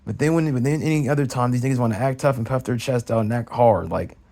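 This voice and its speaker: A man's voice: fast, creaky. A young man ranting heatedly in a casual vlog, swearing often and repeating himself as he vents. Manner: profane, heated, repetitive ranting; swings high and loud when mimicking others. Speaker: vlogger ranting. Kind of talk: casual rant.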